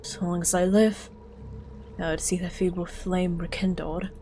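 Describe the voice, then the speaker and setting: A woman voicing a solemn, determined figure in a hushed, breathy, near-whispered delivery. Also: fairly low pitch, little pitch movement, normal speed, slight background noise, voice pushed down, natural voice.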